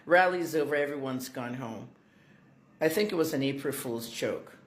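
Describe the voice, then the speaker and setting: A woman's voice: extremely low pitch, normal speed. Indignant woman in an echoey room. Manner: indignant, chatty. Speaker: commentator. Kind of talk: casual vlog commentary.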